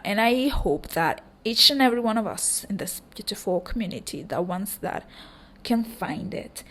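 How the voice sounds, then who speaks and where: Hoarse young woman, creaky rambling podcaster. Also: mid-range voice. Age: young adult. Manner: rambling, warm affirmations, frequent ums. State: hoarse, voice cracking. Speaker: podcast host. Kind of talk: casual solo podcast chat.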